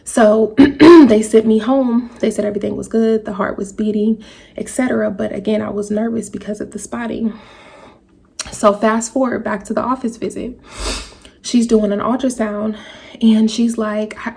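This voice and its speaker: A woman in a vlog telling a personal story to her viewers, speaking in a halting, emotional way. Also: a little high, steady tone, gravelly, mellow, breathy edge. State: tearful at times. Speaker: vlogger. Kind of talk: personal story told to camera.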